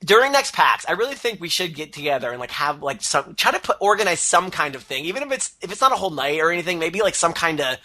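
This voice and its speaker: Male podcast co-host, casual rambler, animated delivery with a bright, forward tone. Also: fairly high pitch, fast talker, hardly any pauses. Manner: rambling with many "like" fillers and laughter. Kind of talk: casual chat.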